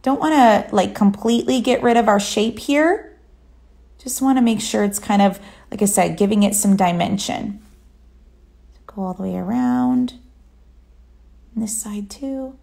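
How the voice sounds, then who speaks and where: A woman giving a relaxed, chatty step-by-step nail art tutorial. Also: medium pitch, a little slow, creaky, long pauses. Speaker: nail artist.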